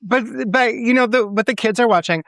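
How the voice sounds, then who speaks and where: A man co-hosting a podcast, a teacher, chatting in an animated, cursing way and repeating words for emphasis. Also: very high-pitched, a little fast, dry recording. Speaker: podcast co-host. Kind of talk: casual podcast chat.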